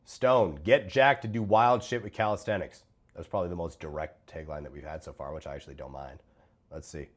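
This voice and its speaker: A man's voice: deep voice, fairly quick. A man giving blunt, profane reaction commentary on other creators' fitness videos. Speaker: host reviewing fitness coaches' videos.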